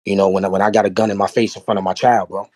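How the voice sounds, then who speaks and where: New york guy, fast and raspy, streetwise storytelling, loops back on himself a lot. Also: lowish voice, no echo, clean studio sound. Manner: animated, streetwise, repeats himself. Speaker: podcast guest. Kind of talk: casual storytelling.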